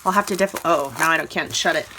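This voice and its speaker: A craft channel host with a low voice talks fast over background noise as she unboxes crafts, gushing and chatty with lots of fillers. Crinkling paper and clicks come from her handling the mail.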